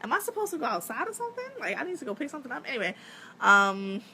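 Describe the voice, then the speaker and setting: A woman in her thirties, an actress chatting casually on a live stream, telling animated stories, laughing often and swearing freely. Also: high voice, very fast, a little hiss or hum. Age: 30s.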